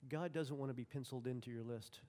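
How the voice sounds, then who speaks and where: A man's voice: medium pitch, fast, warm tone. A man preaching a sermon, telling folksy personal stories and acting out the dialogue. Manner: folksy storytelling, acts out dialogue. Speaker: pastor. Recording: long hall reverb.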